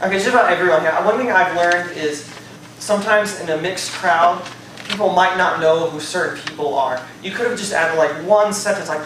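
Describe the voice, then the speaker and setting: A man's voice: high-pitched, brisk, far from the mic, crowd noise. Man evaluating a speech in an echoey room. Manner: conversational, hedges often with "I think" and "you know". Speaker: speech evaluator at a speaking club. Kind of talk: spoken speech evaluation to a live audience. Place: club meeting room.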